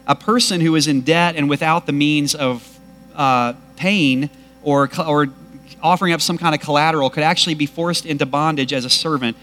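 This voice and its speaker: A man preaching a sermon to a congregation, animated and emphatic. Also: fairly high pitch. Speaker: pastor.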